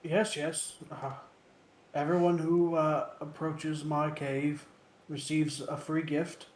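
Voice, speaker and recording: A man's voice: a little high, level tone, slow pace, reverberant, a little hiss or hum. A man voicing a wizened, blindfolded old spinner who coaxes visitors closer. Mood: coaxing.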